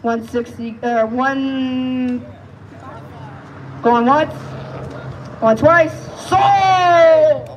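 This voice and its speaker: A man's voice: very high-pitched, extremely slow, long pauses, lo-fi sound, a little hiss or hum. A man calling bids at a live auction, coaxing and pleading with the crowd and repeating each price. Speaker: amateur auctioneer.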